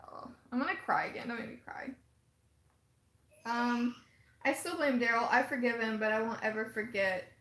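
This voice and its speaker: A woman's voice: a little high, a little hiss or hum. Chatty woman live-streaming in an echoey room. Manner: chatty, animated, laughs often, reads out chat comments. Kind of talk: casual live chat reacting to viewer comments.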